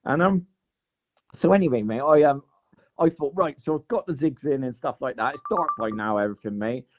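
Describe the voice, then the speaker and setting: A man's voice: medium pitch, fairly quick. A man telling a long fishing story in casual chat, saying "mate" and "like" all the time. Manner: chatty, says "mate" and "like" constantly. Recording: dull lo-fi sound.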